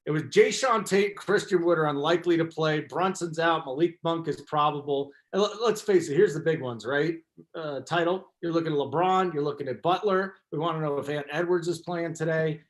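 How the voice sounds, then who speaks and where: A man's voice: on the high side, a little fast. A man hosting a casual sports betting show, teasing his co-hosts and steering the talk. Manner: teasing, lively. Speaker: podcast host. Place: lives in the Denver area.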